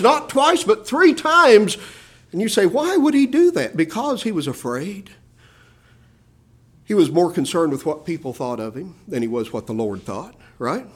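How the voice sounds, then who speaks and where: A man preaching a sermon in a fairly high voice. He drops into hushed low phrases, then climbs to loud, rising emphasis. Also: breathy edge. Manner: addresses listeners as "my beloved".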